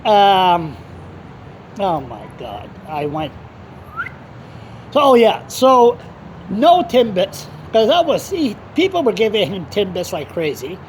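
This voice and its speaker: A man's voice: high-pitched, huge pitch swings, slow pace, long pauses. Guy vlogging off the cuff, rambles, blunt, swears a lot, chats to his dog, faint traffic noise behind. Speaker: blogger. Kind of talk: rambling casual monologue.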